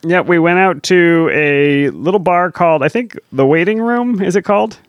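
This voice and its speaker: Relaxed male podcast co-host, easy laugh. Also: high voice, normal speed, clean tone, no room sound, clean studio sound. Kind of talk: casual chat.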